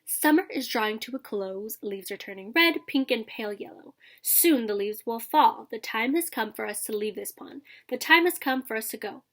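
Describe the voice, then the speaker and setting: A woman voicing a stately male trumpeter swan father who speaks in slow, flowery, formal phrases, read aloud from a storybook. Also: a little high, animated, fairly bright tone. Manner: slow, grand, flowery delivery.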